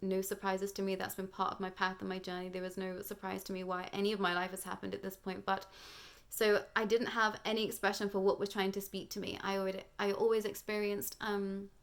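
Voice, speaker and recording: A woman's voice: mid-range voice, little pitch movement, brisk. A young British woman giving a rambling, earnest spiritual monologue on her channel, full of fillers and restarts.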